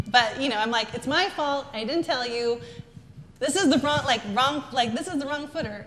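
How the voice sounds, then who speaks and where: A woman's voice: high-pitched, normal speed, a little hiss or hum. Woman, business talk to an audience, emphatic, echoey hall, faint background ambience. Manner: animated and emphatic, with quoted asides. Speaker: business speaker.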